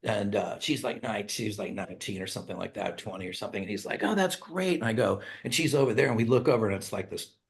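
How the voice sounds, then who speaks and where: A middle-aged rock singer and songwriter, a guest in a casual interview, rattles off rambling stories at a quick pace with few pauses. His gravelly, lowish voice rises as he acts out quotes, and he laughs often and swears freely.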